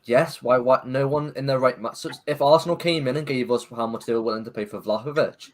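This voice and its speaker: A man's voice: medium pitch, fast. Male caller, Scouse accent, opinionated and casual, noisy background. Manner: confident, opinionated, swears casually. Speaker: caller, football fan. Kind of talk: casual football debate. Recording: noisy voice call.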